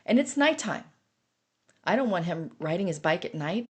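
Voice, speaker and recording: A woman's voice: on the low side, very animated, normal speed, breathy edge. A middle-aged woman telling her own story on a podcast, earnest and intense as she relives it. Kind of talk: personal recovery story podcast.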